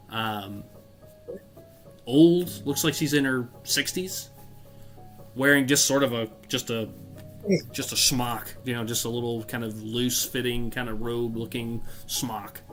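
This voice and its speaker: A man's voice: medium pitch, a bit bright. A man narrating a tabletop game as game master, rambling with fillers and self-corrections.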